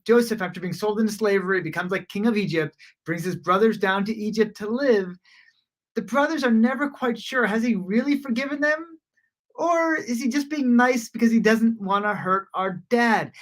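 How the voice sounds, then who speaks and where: A woman teaching a daily Talmud lesson in a casual, conversational way, often pausing on "you know" and restarting her sentences. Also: mid-range voice.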